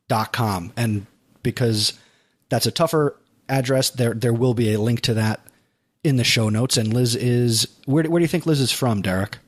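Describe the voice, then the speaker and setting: A man hosting a podcast in casual chat, who slows down to spell out web addresses. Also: mid-range voice. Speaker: podcast host.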